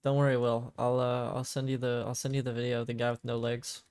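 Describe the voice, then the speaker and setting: A man's voice: mid-range voice, monotone, quick pace, a little mellow, clean tone, no echo. A man streaming a building game, trading dry jokes in casual banter with friends. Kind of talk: casual gaming chat.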